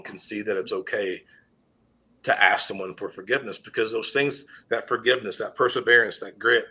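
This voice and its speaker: Earnest husky-voiced man telling a story. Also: on the low side, pushed and bright. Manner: earnest, with frequent restarts and trailing asides. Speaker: teacher and podcast guest. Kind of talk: conversational storytelling.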